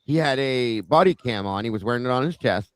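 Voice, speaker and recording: A man hosting a casual podcast, retelling a story in a relaxed, slangy way. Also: mid-range voice, fairly quick, clean tone, no echo. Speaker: host.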